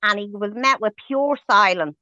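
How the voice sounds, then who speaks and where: A woman's voice: mid-range voice, moderate pace, sharp tone, no echo. A woman hosting a livestream, ranting angrily and swearing with heavy emphasis. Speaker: livestream host. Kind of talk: heated livestream rant. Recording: dull lo-fi stream audio.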